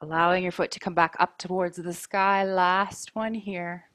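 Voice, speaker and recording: A woman teaching a yoga class, giving calm, mindful cues about breath and poses while wearing a mic. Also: lowish voice, no room sound, clean studio sound. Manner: calm, slow, mindful cueing. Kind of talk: guided yoga class instruction.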